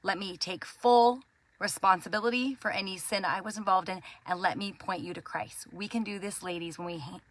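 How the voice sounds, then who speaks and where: A woman hosting a devotional talk for Christian mothers, speaking in an earnest, gentle and encouraging way. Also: medium pitch, brisk. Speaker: Christian parenting host.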